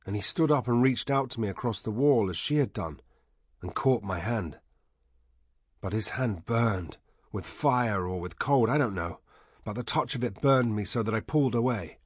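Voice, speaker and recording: A man voicing a grieving man haunted by dreams, quiet and weary in a husky hushed voice. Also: fairly low pitch, normal speed, no room sound, clean studio sound. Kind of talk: audiobook character voice.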